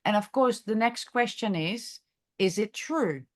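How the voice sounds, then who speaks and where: Woman teaching a group, slow and halting, lots of ums and restarts, thinks out loud. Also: mid-range voice, lively intonation. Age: adult, has a grown daughter. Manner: halting, many fillers and restarts, thinks aloud. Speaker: chiropractor leading a masterclass discussion. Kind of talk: unscripted teaching talk.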